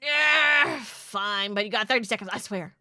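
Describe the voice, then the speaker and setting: A woman voicing a gruff, complaining clerk in a video game, in a raised, higher voice. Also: measured pace, bright, forceful tone, no echo, clean studio sound. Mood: irritated.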